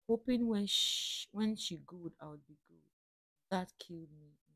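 Low-voiced woman reading comments aloud. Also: fairly bright tone, no echo. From Africa. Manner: chatty, reflective, reads quotes slowly then comments. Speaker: reaction video host.

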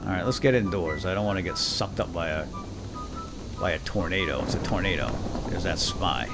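A man's voice: deep voice, brisk, music in the background. A man hosting a let's play video, giving casual, jokey commentary with frequent exclamations and laughs.

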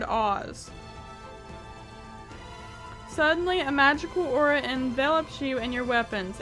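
A woman's voice: a little high, a bit bright. A woman gaming YouTuber reading a text adventure aloud and reacting with frequent laughter, swearing and exclamations of disbelief.

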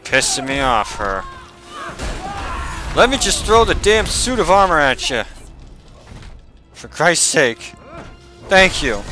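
Excitable man yelling over game music. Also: medium pitch, unhurried, long pauses. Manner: excitable, swears and yells at the game. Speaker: video game player. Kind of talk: gameplay commentary.

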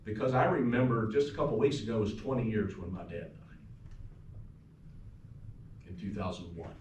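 A pastor with a fairly low voice, delivering a eulogy in a funeral home chapel. He tells stories about the man who died and sometimes drops to a soft, quiet tone. The sound is roomy and picked up from a distance. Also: moderate pace, a little hiss or hum. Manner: storytelling, warm anecdotes, turns soft and quiet at times. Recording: echoey room from far off.

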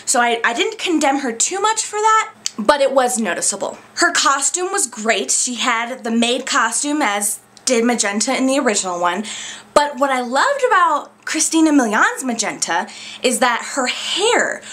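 Young woman vlogging, kinda high voice, gushy and chatty. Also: normal speed. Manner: gushing, chatty, animated. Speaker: YouTube reviewer. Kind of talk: casual chat.

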